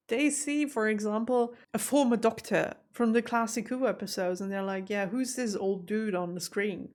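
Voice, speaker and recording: A young adult woman hosting a TV reaction video, talking in a chatty, emotional and exclamatory way. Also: a little high. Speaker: reaction channel host. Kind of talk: casual reaction commentary.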